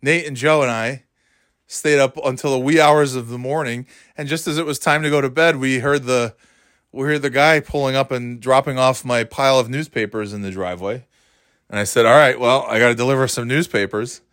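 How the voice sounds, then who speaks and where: A man's voice: mid-range voice, steady tone, normal speed, a bit bright, smooth, dry recording, clean studio sound. A man telling a casual, rambling story about his past, often interrupting himself and laughing.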